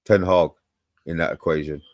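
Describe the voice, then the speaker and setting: Low-voiced man, dry close sound. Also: fairly even intonation, normal speed, no echo. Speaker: co-host of a fan channel live show. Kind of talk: casual live-stream chat.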